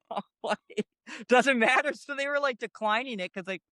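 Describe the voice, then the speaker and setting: High-pitched guy in his late twenties rambling through a story, lots of you know, super dry sound. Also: moderate pace, pushed and bright, no echo. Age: late 20s. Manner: chatty, peppers talk with "you know" and "I'm like". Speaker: guest guitarist. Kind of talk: casual storytelling.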